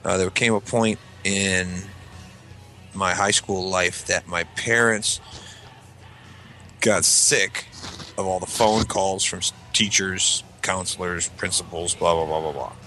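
A gravelly, low-voiced man spins a profane story in loose, rambling chat with friends. His tone is bright and forward, and he bursts into loud acted-out quotes. A faint music bed sits underneath. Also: fairly even intonation, slow pace. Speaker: podcast co-host telling a story. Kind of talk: casual storytelling among friends.

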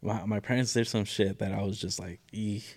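A man's voice: fairly low pitch, fairly even intonation, a little fast, creaky, a little mellow, husky. A man in laid-back podcast chat, slangy and saying dude a lot.

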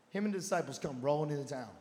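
A man with a high voice preaches a sermon, acting out Bible scenes as casual modern talk before building to loud, shouted calls. His voice rings out with a long reverb tail, as in a large hall. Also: slight background noise. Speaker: pastor.

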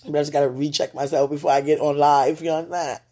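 A woman on a livestream, speaking aloud to God and a loved one in an emotional, prayerful monologue that swings between tearful and soft. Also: low voice, steady tone, fast, slightly rough.

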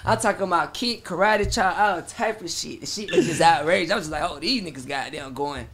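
A young man, a performing artist, telling stories in a casual interview chat, animated and profane, acting out his own reactions. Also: fairly high pitch, brisk, a crowd in the background.

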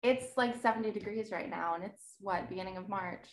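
A woman's voice: mid-range voice, a little fast, a little hiss or hum. A woman in her thirties, a podcast guest, chatting in a rambling way and laughing easily. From New Jersey. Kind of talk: casual chat. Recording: echoey room.

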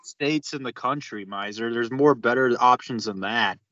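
Bright, laid-back man on dry lo-fi audio. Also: medium pitch, moderate pace, no room sound. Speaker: podcast guest. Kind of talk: casual chat.

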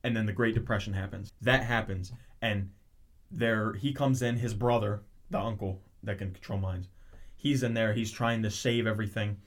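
A man's voice: lowish voice, normal speed. A man in casual chat, animatedly retelling a show's plot with lots of restarts and tangents. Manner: rambling, animated storytelling with frequent restarts.

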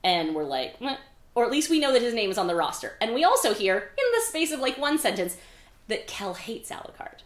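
A woman's voice: fairly high pitch, very animated, fairly quick. A woman hosting a podcast, recapping a book in a chatty, casual way with frequent "like" and some swearing. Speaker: podcast host. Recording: echoey room.

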